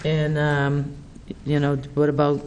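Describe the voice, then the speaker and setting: A man's voice: fairly high pitch, completely flat delivery, a little slow, a little mellow. A man chairing a town board meeting, speaking hesitantly with many fillers and restarts. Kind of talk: meeting discussion. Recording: faint background noise, public meeting room.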